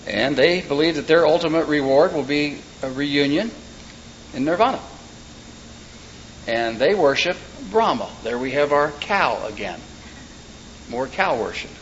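A man's voice: on the high side, expressive, a little slow, pauses often. A man preaching a sermon in a folksy way, with joking asides and short told stories. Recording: dull lo-fi recording with faint background noise.

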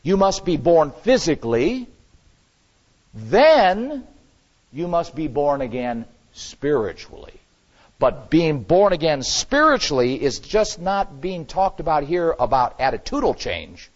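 Animated husky male preacher. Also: fairly high pitch, a little slow, highs cut off. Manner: animated, swings from loud emphasis to quiet asides. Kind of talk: sermon.

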